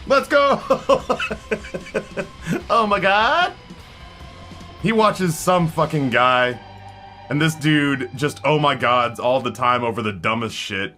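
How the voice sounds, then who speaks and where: A man's voice: fairly high pitch, slow, long pauses, sharp tone, soft background music. A man in his forties chatting live with his stream viewers, rambling, swearing and greeting people in chat by name. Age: 40s.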